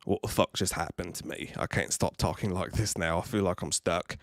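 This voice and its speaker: A man doing a comic impression of a pompous, self-important film director, with a low drawl. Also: fairly even intonation, a little fast, no room sound, clean studio sound. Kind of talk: comic impression on a live stream.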